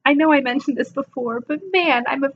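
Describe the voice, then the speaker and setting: A woman's voice: high voice, steady tone, brisk, highs cut off, slight background noise. A woman in her twenties talking casually to camera about her fitness numbers, chatty and self-deprecating, yawning and a bit sleepy. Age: 20s. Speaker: vlogger. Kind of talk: casual self-assessment vlog.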